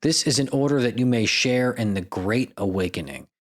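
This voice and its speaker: A man's voice: mid-range voice, normal speed. A man hosting a podcast, reading out stories with irreverent, profane, jokey asides. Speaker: podcast host. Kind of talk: comedic podcast narration.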